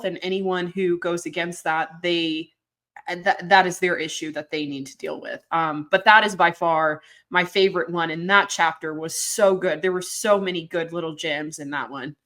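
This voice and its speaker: A woman's voice: lowish voice, a bit bright. A woman co-hosting a podcast, talking in an earnest, reflective way. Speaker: podcast co-host. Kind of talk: casual podcast chat.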